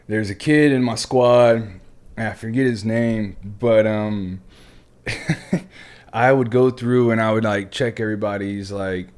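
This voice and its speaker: A man with a fairly low voice hosts a loose, casual conversation. He tells stories from his military training, swearing freely. He talks with plenty of fillers and restarts. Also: steady tone, takes it slowly, darkish tone, smooth. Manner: profane, rambling storyteller, full of fillers. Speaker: podcast host; military veteran. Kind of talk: casual chat.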